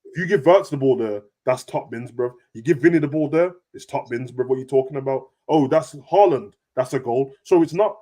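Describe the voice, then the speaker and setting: A young man talks football at a rapid clip, full of street slang. His pitch leaps high when he gets worked up, and he rattles the points off quickly. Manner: animated, slangy, rapid banter with big pitch jumps. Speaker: football podcast host. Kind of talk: casual chat.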